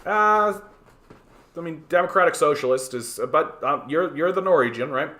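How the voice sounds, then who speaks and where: A Canadian man hosts a political livestream, his voice fairly high, a little fast, pushed and bright. He reads and answers chat heatedly, swearing freely and stammering through many restarts.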